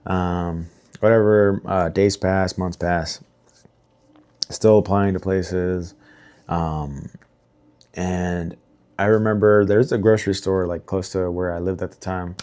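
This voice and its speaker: Young male vlogger, very low voice, candid rambling storyteller, swears freely. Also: warm tone. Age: young adult. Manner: rambling, heavy swearing, lots of fillers and restarts; emotional, candid. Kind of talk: casual storytelling to camera.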